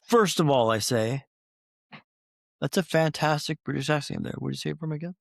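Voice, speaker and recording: A man's voice: medium pitch, brisk, vocal fry, dry recording, studio quality. A man telling his recovery story as a podcast guest, like a practiced speaker, with repeated phrases for rhythm and speaking straight to the host. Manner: addresses the host directly.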